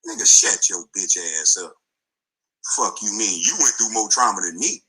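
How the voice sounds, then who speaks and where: A man's voice: fairly low pitch, expressive, moderate pace, pushed and bright, breathy edge, poor audio. A middle-aged man, a former basketball player, delivering an angry, taunting rant full of insults in a played clip.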